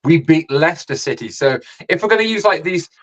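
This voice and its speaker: A man co-hosting a casual sports podcast, talking in a halting, teasing way with many restarts. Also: a little high, expressive, low-quality recording. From United Kingdom. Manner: hesitant, repeats words, teasing. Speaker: podcast co-host.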